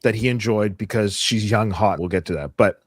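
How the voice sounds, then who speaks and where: A man's voice: fairly low pitch, moderate pace, breathy edge, dry recording, clean studio sound. A man hosting a podcast, giving wry, sarcastic running commentary on clips in casual chat. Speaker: podcast host.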